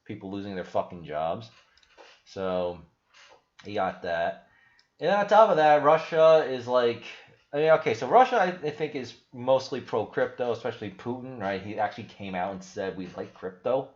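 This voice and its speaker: On his casual crypto livestream, a male host keeps restarting his sentences as he rambles and swears. His voice is mid-range and expressive, at a normal speed. The sound is roomy and a touch dull.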